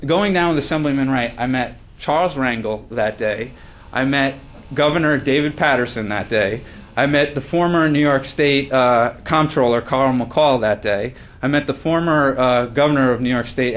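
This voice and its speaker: A man's voice: mid-range voice, moderate pace. Man giving a book talk. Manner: frequent fillers and restarts, earnest. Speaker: author presenting his book.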